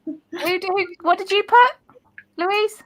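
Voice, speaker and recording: A woman hosting a casual party quiz, reading each question slowly and carefully and laughing at her own slips. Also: very high-pitched, fairly bright tone. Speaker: quiz host.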